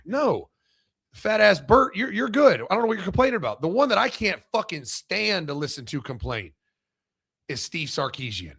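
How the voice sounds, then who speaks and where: Gravelly, animated man on a sports podcast. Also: sits high. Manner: blunt, profane and animated, with quick restarts. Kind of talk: casual sports talk.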